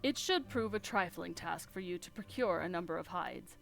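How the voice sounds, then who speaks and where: A woman's voice: lowish voice, animated, normal speed, creaky, a bit bright, faint music behind. A woman voicing a formal, earnest young male noble scholar in old-fashioned phrasing, reading game dialogue aloud.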